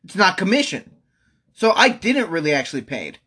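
A man's voice: sits high, very animated, moderate pace, pushed and bright, husky. A young man at home venting angrily in a rambling monologue, repeating himself and swearing. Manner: exasperated, repetitive, swearing. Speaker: vlogger.

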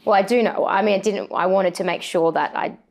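A woman's voice: medium pitch, brisk, darkish tone. A woman, a sports presenter, chatting as an interview guest with lots of fillers and restarts. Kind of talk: casual interview chat.

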